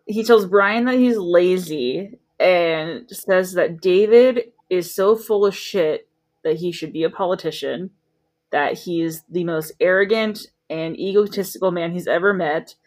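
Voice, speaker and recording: Lady podcaster recapping tv, sarcastic and chatty, kinda low voice. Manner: breezy, sarcastic storytelling with swearing. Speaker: podcast co-host recapping a show. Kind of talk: casual chat.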